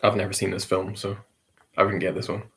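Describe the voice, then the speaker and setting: Man reading quiz questions, lowish voice. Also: monotone, fairly bright tone. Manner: repeats questions slowly, with light chuckles. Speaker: quiz host.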